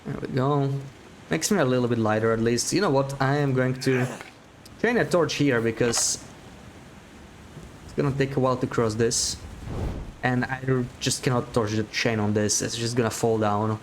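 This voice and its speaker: A man giving live gameplay commentary on a stream. He talks to his viewers as he plays, thinking aloud with small restarts and frequent laughs, at an ordinary pitch for a man. A faint steady hum sits behind his voice. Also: normal speed.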